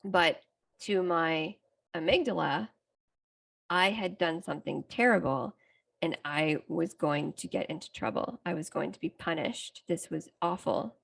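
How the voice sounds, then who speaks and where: A woman's voice: fairly low pitch, measured pace, gravelly, a bit bright. A middle-aged woman, a psychotherapist hosting a self-help podcast, telling a personal story in a candid, reflective way. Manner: candid, reflective, talks through a story with restarts.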